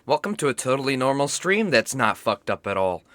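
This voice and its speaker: A young man talks through a stream while sick, his voice hoarse and cracking, with a cough. He rambles, swears and makes fun of himself in a bright, forward tone. The sound is dry and close, like a desk mic. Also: medium pitch, sing-song, brisk, dry recording. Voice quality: rough, cracking voice. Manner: rambling, self-mocking, swears often. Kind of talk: casual gaming stream chat.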